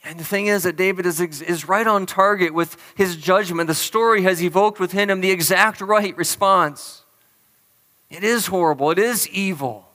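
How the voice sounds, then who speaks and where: Bright, clear-voiced man preaching in a hall. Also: high voice, steady tone. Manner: earnest, emphatic preaching with slow stressed phrases. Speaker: pastor. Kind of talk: sermon.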